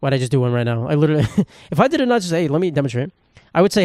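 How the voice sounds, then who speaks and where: A man's voice: fairly high pitch, sing-song, racing, a little mellow, dry recording, studio quality. A young man hosting a solo podcast from his apartment, rambling and swearing in a jokey way. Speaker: podcast host.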